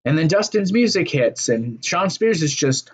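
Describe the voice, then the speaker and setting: A man's voice: on the high side, sing-song, normal speed, husky. Profane rambling man reviewing wrestling. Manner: profane, rambling, fillers and restarts. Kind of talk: casual solo review.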